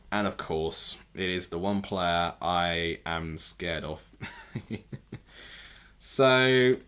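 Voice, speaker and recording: Man, lowish voice, live football reaction, excitable, self-correcting chatter at home. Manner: excitable, thinks aloud and corrects himself. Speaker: football watchalong streamer. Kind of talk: live match reaction commentary. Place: home room with TV.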